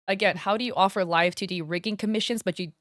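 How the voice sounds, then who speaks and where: A woman's voice: mid-range voice, steady tone, quick pace, fairly bright tone, dry recording, clean studio sound. A young woman hosting a commentary channel, chatting casually and wryly as she recaps events and reads out messages.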